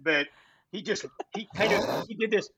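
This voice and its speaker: A man's voice: high voice, normal speed, breathy edge, no echo, low-quality recording. A man on a casual podcast who tells stories with energy and acts out both sides of the conversation in different voices. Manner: animated storyteller, acts out both sides of dialogue. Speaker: guest designer. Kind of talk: casual storytelling.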